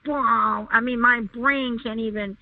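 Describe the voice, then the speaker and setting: A woman's voice: fairly even intonation, unhurried, no room sound. A woman recounting a personal story as an interview guest, speaking emphatically and repeating herself as she goes. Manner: emphatic, repeats herself, rising pitch when upset. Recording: tinny phone line, dry.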